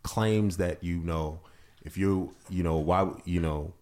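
A man's voice: low voice, slow pace, a little mellow. A man co-hosting a podcast roundtable, talking casually with lots of fillers and restarts. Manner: rambling, many fillers and restarts. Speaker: podcast co-host.

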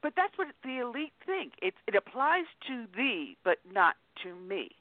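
A woman's voice: on the high side, big pitch swings, moderate pace, dry recording. A woman hosting a talk radio show, chatty and laughing often. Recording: dry, tinny phone-like sound.

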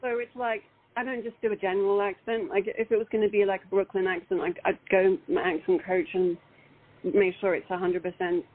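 British actress on a tinny call line. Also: female voice, medium pitch, fairly quick. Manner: animated, laughing, many restarts. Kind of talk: casual interview chat. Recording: phone-like call audio.

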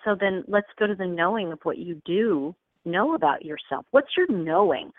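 A New York psychic and spiritual teacher in her fifties talks casually as an interview guest from a home recording studio, telling stories, laughing easily, and acting out the voices of people she quotes. Her voice is fairly low, her pace moderate, and the line sounds dry and tinny, like a phone.

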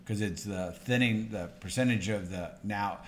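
A man with a Midwestern American accent co-hosting a podcast in casual chat, explaining things in a measured way with frequent hesitations. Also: on the low side. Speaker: podcast co-host.

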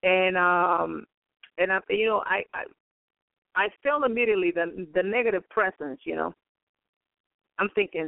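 A man's voice: sits high, fairly even intonation, normal speed, creaky, pauses often, no echo. A man preaching on a radio program, telling his story in a rambling way, with frequent cries of praise and calls to his brothers and sisters. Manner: rambling, peppered with praise interjections. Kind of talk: radio sermon testimony. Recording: tinny phone-like radio line.

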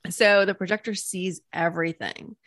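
A woman's voice: lowish voice, steady tone, normal speed, a bit bright, no room sound, clean studio sound. Enthusiastic woman coach explaining ideas. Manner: enthusiastic, vivid storytelling. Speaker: Human Design coach, guest. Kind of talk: explanatory interview talk.

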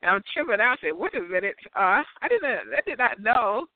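A man with a high voice talks in a loose, rambling monologue. He giggles and breaks into high laughs as he goes. The recording sounds narrow and tinny, like a phone call. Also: big pitch swings, a little fast, no room sound.

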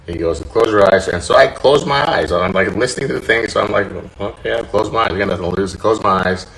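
A man hosting his own podcast, telling a personal story in an earnest, halting way, often repeating words as he goes. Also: on the low side, gravelly, fairly bright tone, rough recording. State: choked up, tearful. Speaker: podcast host.

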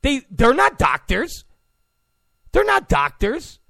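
A man's voice: extremely high pitch, huge pitch swings, takes it slowly, creaky, bright, forceful tone, dry recording, studio quality. A male political commentator giving an opinion monologue in a mocking way, often acting out the people he quotes. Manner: mocking, acts out quoted people in put-on voices.

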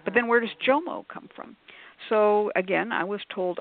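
A woman's voice: mid-range voice, normal speed, no room sound. A woman author on a call-in radio panel, explaining at length in a discursive, scholarly way with many asides. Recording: tinny phone-like line.

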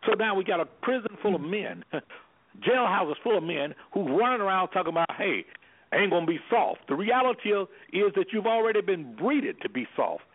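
This man's voice is high-pitched and sing-song, a little rough, and moves at a moderate pace. Playing an anger management specialist on a radio talk show, he preaches emphatically and says "guess what" again and again, all with a phone-line radio quality.

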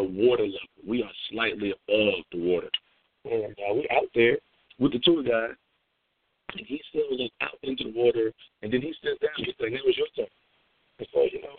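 A man giving a casual devotional talk, drifting into stories with fillers and repeated words. His voice carries a gravelly fry at its middle pitch. The recording is narrow and phone-like, with a dry, close sound. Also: dry recording. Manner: storytelling, chatty, with fillers and repeats. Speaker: devotional host.

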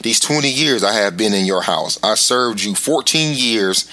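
A man teaching a verse-by-verse Bible lesson. He explains casually with many filler words and slows down to read scripture aloud. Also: lowish voice, expressive, bright, forceful tone.

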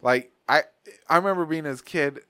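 A man's voice: fairly high pitch, a little fast, bright, forceful tone, no room sound. Podcast host, male, loose profane storyteller, dry mic. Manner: rambling, profane, slangy storytelling. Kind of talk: casual chat.

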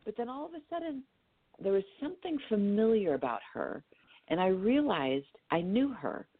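A woman from California, a dream therapist telling a personal story as a podcast guest, animated and acting out what people said. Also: mid-range voice, moderate pace, husky, dry recording. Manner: animated storyteller who acts out her own quotes. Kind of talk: storytelling in a conversational interview. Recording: tinny phone-like line, dry.

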